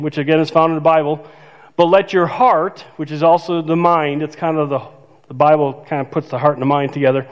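An older pastor with a highish voice and fairly even intonation talks fast, preaching a conversational sermon in the church sanctuary and laughing at his own self-deprecating jokes. The recording is dull and reverberant.

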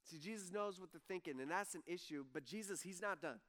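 Before an audience in a church hall, a male pastor delivers a sermon in a high-pitched, fairly bright voice at a slightly fast pace. He keeps things relaxed and conversational, playing out the voices of those he quotes.

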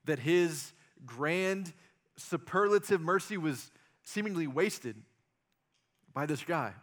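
A man preaching a sermon as pastor, animated, with jokey asides and acted-out quotes. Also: medium pitch.

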